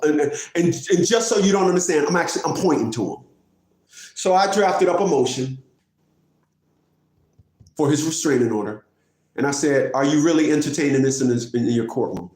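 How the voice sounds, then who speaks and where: A man tells a story from family court in a loud, mocking rant and keeps laughing at the people in it. His voice sits high and leaps around as he acts out the quotes. The sound echoes in a live room.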